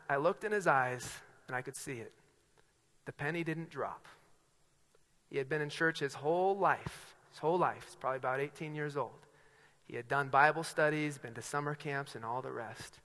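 A man preaching a sermon, telling stories with acted-out dialogue and swinging from loud to hushed. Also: medium pitch, normal speed, big-room sound. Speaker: pastor.

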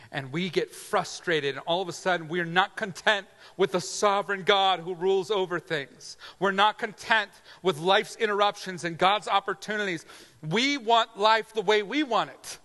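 A man delivers a sermon with lively swings of pitch, briefly slipping into imagined voices. His tone is bright and a little high. A long reverb trails behind him. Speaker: pastor.

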